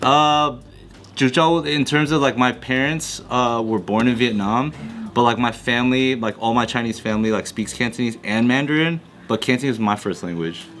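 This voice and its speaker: A man's voice: mid-range voice, normal speed, a bit bright, slight background noise. A man in casual podcast chat, rambling through a personal story. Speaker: podcast host.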